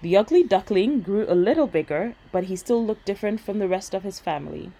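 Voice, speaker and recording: A woman reading a bedtime story aloud in a gentle, steady voice. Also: medium pitch, a little fast, creaky, low-quality recording.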